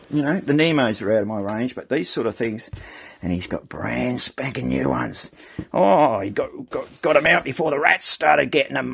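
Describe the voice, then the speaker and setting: A man's voice: medium pitch, vocal fry, slight background noise. A middle-aged Australian man chatting casually to viewers on his channel, rambling and calling them "mate". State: short of breath. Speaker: channel host. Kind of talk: casual live-stream chat.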